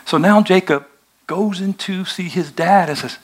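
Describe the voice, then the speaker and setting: A male pastor preaching a sermon, retelling a story in a conversational, animated way. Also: high voice, a little slow.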